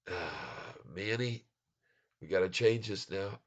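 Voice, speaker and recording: A man's voice: low voice, lively intonation, slow, highs cut off. An American man hosting a casual live stream, chatting with viewers, laughing often and mixing in bits of French and Spanish. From United States.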